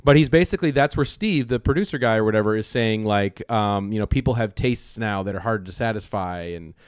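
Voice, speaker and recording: Animated man, smooth dry voice. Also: fairly low pitch, fairly quick, no room sound. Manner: animated, profanity-laced, hesitant fillers. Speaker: film podcast panelist. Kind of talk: casual film discussion.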